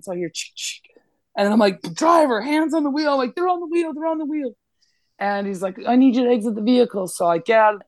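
On a podcast, a Canadian co-host with a fairly low voice tells a casual story, swearing freely and animatedly acting out the voices of the people in it. The recording is close and dry, with no echo or room sound.

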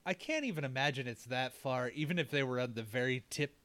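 A man co-hosting a casual podcast, recapping a film's plot with jokes and quick comic impressions of the characters. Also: mid-range voice, fairly bright tone. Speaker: podcast co-host. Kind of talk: casual movie recap banter.

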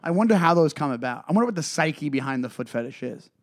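A man's voice: on the high side, animated, fast talker. A man co-hosting a comedy podcast, rambling through stories with lots of filler words. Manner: rambling, filler-heavy storytelling. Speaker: podcast co-host. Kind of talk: casual comedic chat.

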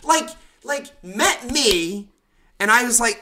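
A man in casual podcast chat, telling a rambling, profane story in an animated way. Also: sits high, slow pace.

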